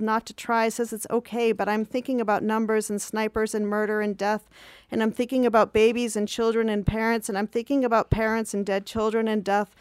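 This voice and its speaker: Smooth, higher-pitched woman reading her journal. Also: dry recording. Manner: calm, measured and reflective. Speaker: reader of her own journal. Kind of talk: literary reading of diary entries.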